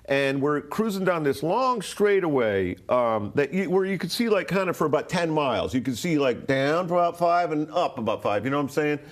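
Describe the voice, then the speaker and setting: A man's voice: on the high side, big pitch swings, a little fast, few pauses. A man from Rhode Island telling a story casually, rambling with fillers, restarts and swearing. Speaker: interview guest.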